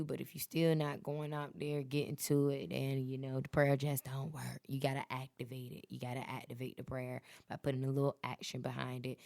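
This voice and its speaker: Woman podcast host, 30s, low and smooth, blunt profane rants and pep talk. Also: darkish tone, no echo, clean studio sound. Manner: profane, blunt, preachy and motivational. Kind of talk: casual solo podcast rant.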